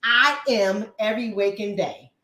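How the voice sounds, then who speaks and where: A woman's voice: medium pitch, unhurried, sharp tone. A woman hosting a livestream, talking bluntly and profanely. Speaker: host. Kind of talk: livestream commentary. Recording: echoey room.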